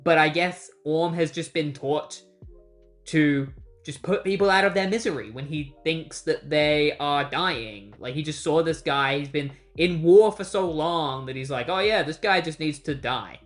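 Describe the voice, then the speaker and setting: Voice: medium pitch, measured pace, faint music behind. A comic book reviewer recapping an issue in a casual, chatty way with incredulous asides.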